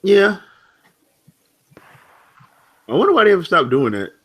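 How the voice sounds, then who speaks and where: A man's voice: high-pitched, wildly swooping pitch, racing, fairly bright tone, slightly rough. Laughing man in casual gamer chat. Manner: laughs often, rambling restarts. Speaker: podcast co-host.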